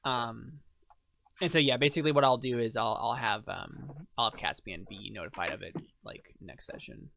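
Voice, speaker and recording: A man's voice: mid-range voice, normal speed, gravelly, sharp tone, a little hiss or hum. A man narrating as game master in a tabletop game, casual and hesitant, with many fillers.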